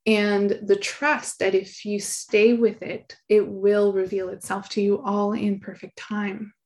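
A middle-aged woman, an author being interviewed, speaking in an earnest, soft, reflective way and laughing often. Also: medium pitch, little pitch movement, slow. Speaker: guest, author.

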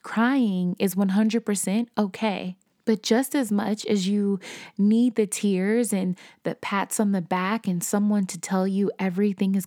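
A young woman with a warm, medium-pitched voice hosts a podcast, recorded at studio quality with no room sound. She tells a personal story in a candid, conversational way, acting out the quotes.

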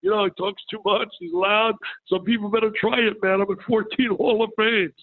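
A man's voice: high-pitched, fairly even intonation, brisk. An older man, a guest in an interview, telling stories animatedly and acting out quoted dialogue. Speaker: guest, basketball broadcaster. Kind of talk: storytelling interview. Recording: tinny phone-like line.

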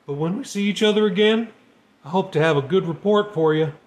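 Pushing his naturally high voice upward and speaking a little fast, a man reads a storybook part for a gruff sailor demoted from the navy. Resigned and remorseful, the sailor talks plainly in slang, his words shaky with regret.

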